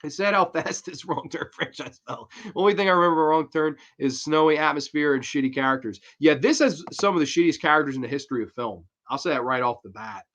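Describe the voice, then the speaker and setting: A man's voice: a little high, fairly quick, few pauses, fairly bright tone. A man hosting a casual show, bluntly and profanely ranting through a horror movie review.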